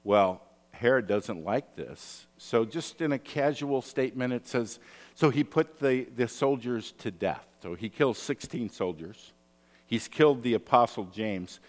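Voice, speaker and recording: A man preaching a sermon, telling stories in an animated way with asides and rhetorical questions. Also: mid-range voice, a little slow. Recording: long hall reverb.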